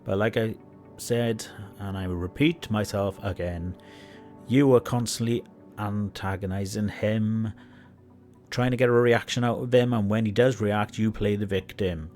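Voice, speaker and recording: A man's voice: lowish voice, a little slow, darkish tone, faint music behind. A man commentating on online drama, mocking and lecturing the person in the clips. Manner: mocking, lecturing, talks straight to the subject. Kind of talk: sarcastic commentary on a livestream.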